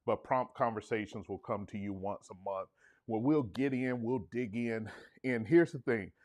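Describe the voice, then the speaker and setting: A man's voice: on the low side, moderate pace. A man hosting a relationship podcast livestream, talking casually with energy, hyping up the chat and drifting into conversational asides. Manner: hyped, energetic, call-and-response with the audience.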